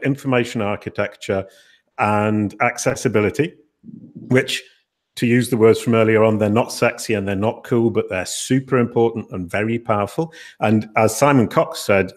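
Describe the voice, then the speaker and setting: Chatty man hosting a webinar, low voice. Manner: chatty, self-deprecating, restarts often. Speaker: webinar host. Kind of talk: casual webinar moderating.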